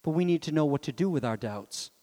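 A man preaching a sermon as pastor, animated and full of rhetorical questions, dropping now and then to soft low asides. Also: quick pace. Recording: long reverb of a large hall.

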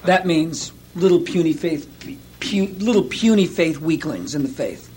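A male pastor preaching a sermon, telling stories in an animated way and acting out quotes with laughs. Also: fairly high pitch, moderate pace, slight background noise.

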